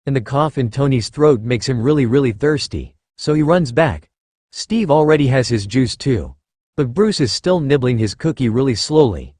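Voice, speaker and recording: A man narrating fan fiction aloud with a gentle, childlike storytelling cadence. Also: medium pitch, lively intonation, moderate pace, no echo, clean studio sound.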